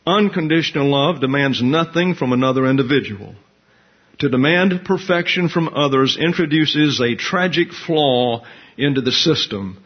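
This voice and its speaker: A man's voice: mid-range voice, normal speed, slightly rough, lo-fi sound. A man teaching a Bible class in a conversational way, asking his listeners questions as he explains.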